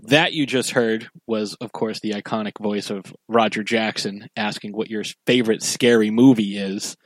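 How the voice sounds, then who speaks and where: A man's voice: on the low side, fairly even intonation, moderate pace, dry recording. Casual male podcast host. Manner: loose, sweary, rambling with fillers. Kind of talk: casual chat.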